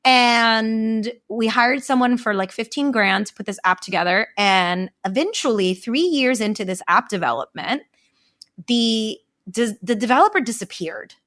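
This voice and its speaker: A woman's voice: fairly high pitch, expressive, a little slow, a bit bright, no room sound, studio quality. A young adult woman telling her story as a podcast guest, candid and chatty with casual swearing. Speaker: guest, event founder.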